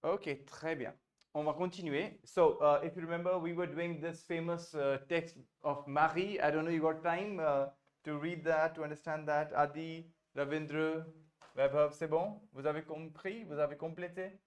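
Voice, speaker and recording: A man with an Indian English accent and a somewhat high voice, teaching French to beginners over a video call. He is patient, drills phrases slowly and repeats them, and moves back and forth between French and English. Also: steady tone. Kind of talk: online beginner French class.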